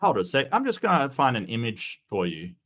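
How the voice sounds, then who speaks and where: A man's voice: medium pitch, huge pitch swings, brisk, a bit bright. A man talks loosely on a livestream, answering his chat as he goes. He rambles through fillers and false starts, with plenty of strong opinions along the way. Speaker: streamer reading chat.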